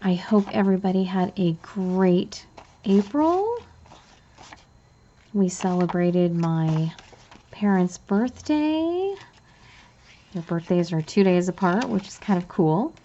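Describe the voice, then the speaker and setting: A woman, a bubbly, chatty budgeting vlogger talking through her cash envelopes and getting excited easily. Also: fairly low pitch, takes it slowly, long pauses, lo-fi sound, a little hiss or hum. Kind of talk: casual cash envelope walkthrough.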